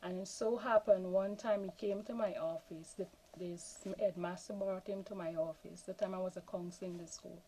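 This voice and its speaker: Woman, mellow warm tone, lively storyteller, former counselor. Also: fairly low pitch, moderate pace, few pauses, breathy edge, rough recording. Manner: animated anecdote telling. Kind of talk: panel discussion, storytelling.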